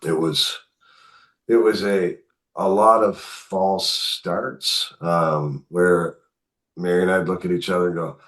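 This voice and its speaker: Deep-voiced man telling a family story. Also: a little slow. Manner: animated, acts out quotes in his telling. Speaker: guest author. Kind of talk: conversational storytelling.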